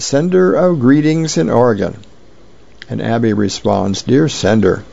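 Gravelly-voiced man reading the paper. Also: mid-range voice, darkish tone, dull audio. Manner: plain, unhurried reading with occasional hesitations. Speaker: reader of newspaper features. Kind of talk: reading aloud newspaper columns and comics.

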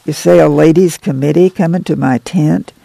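A proud, bossy countrywoman with a twang, as a man reads her in an audiobook. Her voice is gravelly and dark, raised a little higher than plain narration. The sound is dry and close. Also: steady tone, normal speed, no room sound. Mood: ashamed. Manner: plain-spoken, urgent, dialect speech. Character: weary rural mother, bossy, proud, hardworking. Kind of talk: audiobook character voice.

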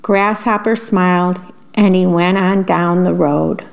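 A woman, a volunteer radio reader, gently reading a bedtime story aloud. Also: lowish voice, vocal fry. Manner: slow, gentle reading with lively voices.

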